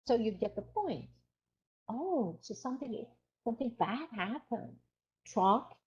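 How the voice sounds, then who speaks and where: A woman lecturing to a class of trainee teachers, explaining each point in a measured, deliberate way. She pauses to check whether her listeners follow. The recording sounds dull and lo-fi. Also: medium pitch, lively intonation, a little mellow. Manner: explanatory, asks the class questions. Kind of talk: online lecture.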